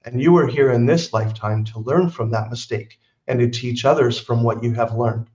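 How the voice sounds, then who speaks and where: A man voicing a solemn male psychic who channels a spirit and speaks in a formal, measured way. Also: mid-range voice, steady tone, darkish tone, voice pushed down, lightly acted. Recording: roomy, slightly dull recording.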